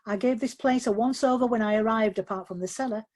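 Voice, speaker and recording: A woman voicing a plucky, practical young woman who speaks briskly. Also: on the high side, a little mellow, natural voice.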